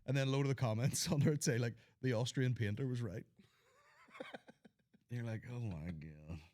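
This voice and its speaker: A podcast host with a Northern Irish accent chats casually in a medium-pitched, slightly mellow voice at a moderate pace. He rambles through loose stories, swears a lot, and laughs at his own jokes.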